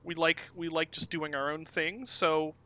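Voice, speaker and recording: A talkative man in his thirties chats casually as an interview guest, wandering through his thoughts with lots of ums and restarts. His voice is very bright and sits a little high for a man. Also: fairly even intonation, measured pace, rough recording. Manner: talkative, rambling with many fillers. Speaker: game developer guest.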